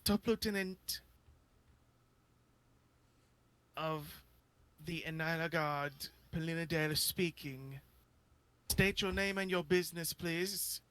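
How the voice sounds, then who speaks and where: Guy doing a bright stiff lieutenant on the radio, all business. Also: fairly high pitch, unhurried. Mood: formal. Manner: crisp, officious and businesslike. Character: formal guard lieutenant on a radio link.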